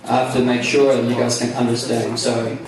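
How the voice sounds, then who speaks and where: A man's voice: mid-range voice, monotone, a little fast, a crowd in the background. An Australian man giving a chatty, enthusiastic live talk at a conference, joking about himself as he goes. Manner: chatty, self-deprecating, enthusiastic. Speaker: speaker. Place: large hall. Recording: echoey hall, mic from far off.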